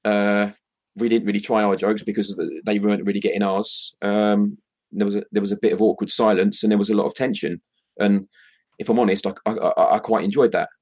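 A British man with a low, husky voice co-hosts a casual live stream. He reads out viewer comments, pausing often with ums and restarts. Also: steady tone, darkish tone. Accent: British English. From Britain. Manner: hesitant, lots of ums and restarts. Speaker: co-host of a crypto live stream.

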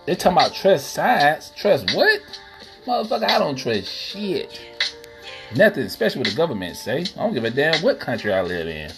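A man's voice: a little high, huge pitch swings, normal speed. A man hosting a podcast, ranting casually and profanely while addressing listeners as y'all. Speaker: podcast host. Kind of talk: casual solo rant. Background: music playing.

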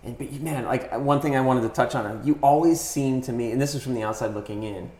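A man's voice: mid-range voice, quick pace, dark tone. A laid-back man hosts a casual chat. He hesitates often and leans on fillers. The room gives his voice a roomy echo. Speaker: podcast host.

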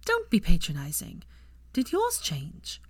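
A woman's voice: fairly low pitch, wildly swooping pitch, slightly rough, no room sound, full character voice. A woman voicing a bossy, witty young woman who teases and scolds with a dry, sarcastic edge. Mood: bright, teasing. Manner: brisk, teasing, sarcastic.

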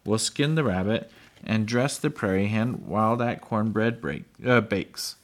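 A man reading as steady pioneer father. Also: lowish voice. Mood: reassuring. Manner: steady, measured, plainly read. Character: pioneer father, calm, firm, caring.

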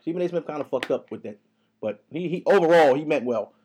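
A young man hosting a podcast in a casual, profane, heated rant, talking fast. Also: fairly high pitch, lively intonation, darkish tone, breathy edge. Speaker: podcast host. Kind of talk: casual ranting monologue.

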